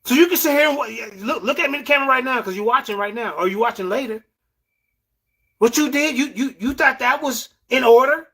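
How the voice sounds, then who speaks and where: A man hosts a heated livestream debate. His voice sits very high and sounds bright and forceful. He scolds his guest and repeats words to hold the floor. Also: fast talker, vocal fry. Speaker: show host.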